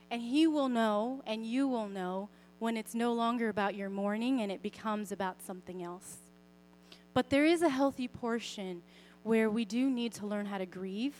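Young woman, faith speaker, fairly high pitch; conversational and expressive, with frequent soft, gentle passages. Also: moderate pace. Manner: expressive, often softening to a quiet, gentle tone; conversational, with fillers and self-corrections. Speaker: Christian speaker sharing a parenting story. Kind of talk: personal faith talk.

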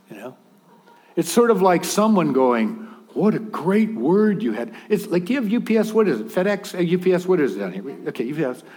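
A man's voice: on the high side, a little mellow. A man preaching a sermon in a conversational, humorous way, with acted asides.

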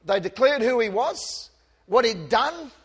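In church, a pastor with a high, sing-song voice with a breathy edge preaches a passionate sermon a little slowly. He moves from quiet, nearly murmured asides to loud calls, sharing light self-deprecating humour with the congregation, and long reverb trails every phrase.

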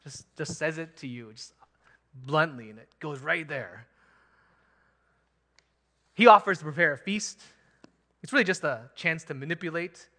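Male pastor, sermon, bright forceful tone, slightly high voice, emphatic. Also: measured pace, pauses often. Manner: animated, emphatic, chuckles often.

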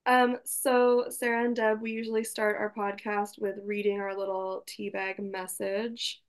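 A woman hosts a casual podcast and keeps the talk moving in an upbeat, encouraging way. Her voice is mid-pitched with a lot of gravelly vocal fry. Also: flat delivery, unhurried. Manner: upbeat and encouraging, leading the conversation. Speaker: podcast host.

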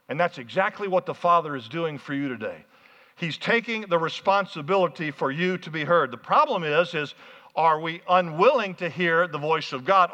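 Energetic pastor guy preaching, bright voice, kinda muffled echoey church sound. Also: on the high side. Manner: energetic preaching with call-outs to the congregation. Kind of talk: sermon. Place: church hall. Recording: muffled, hall reverb.

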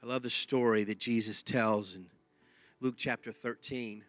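A man preaching a sermon, animated, repeating himself and laughing now and then. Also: mid-range voice, moderate pace, dry recording, faint music behind. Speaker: pastor.

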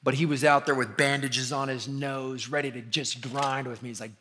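A young man from the preaching a conversational sermon as pastor, rising in pitch and volume when he drives a point home. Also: little pitch movement, moderate pace, few pauses, bright, forceful tone, slight background noise. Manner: conversational preaching with sudden emphatic rises.

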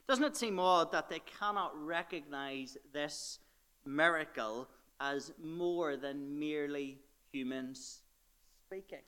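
A man's voice: on the high side, slow, sharp tone, clear, resonant tone. A young man preaching a sermon, earnest and explanatory, dropping his voice for emphasis.

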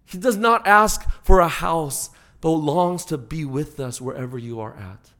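A male pastor delivers a sermon in a slightly raised voice. He swings between loud, emphatic peaks and hushed, slowed passages, building up to his points and then pulling back. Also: on the high side.

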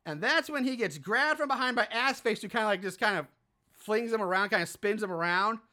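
Role: podcast host. Style: casual film recap. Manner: profane, animated, exasperated. Tone: bright, lively pitch. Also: fairly quick.

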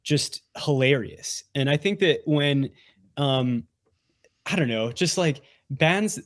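Male guest, mid-pitched, rambling and enthusiastic, dry mic. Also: expressive, takes it slowly, no room sound. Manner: rambling, enthusiastic, many fillers. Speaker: podcast guest. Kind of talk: casual chat.

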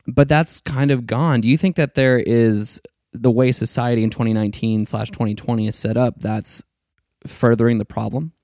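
A man's voice: medium pitch, fairly even intonation, moderate pace, a little mellow, no echo, clean studio sound. A man hosting an interview, asking loose, rambling questions with plenty of fillers. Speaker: host. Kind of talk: casual interview chat.

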